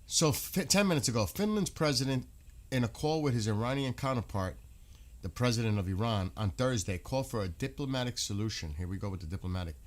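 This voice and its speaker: A man's voice: medium pitch, animated, a little fast. A man giving casual live commentary on news, indignant and firing off rhetorical questions.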